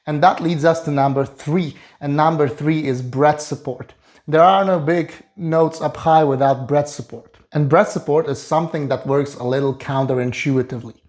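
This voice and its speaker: A man who is a vocal coach, explaining singing technique in a calm, instructive way. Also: fairly high pitch. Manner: explains calmly, then sings short staccato and fry demonstrations. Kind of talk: singing lesson with sung demonstrations.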